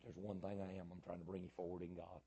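A middle-aged man preaching a sermon as pastor, emphatic and repetitive, swinging from loud bursts to quieter stretches. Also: deep voice, little pitch movement, quick pace, slightly rough.

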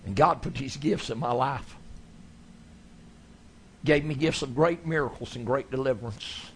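A man preaching a sermon, telling his stories in a folksy, animated way. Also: mid-range voice, a little slow, a little hiss or hum. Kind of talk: sermon storytelling.

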